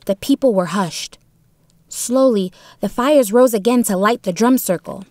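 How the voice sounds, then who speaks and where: A woman's voice: a little high, unhurried, a little mellow, dry recording. Woman narrating a story, dry close sound. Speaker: audiobook narrator.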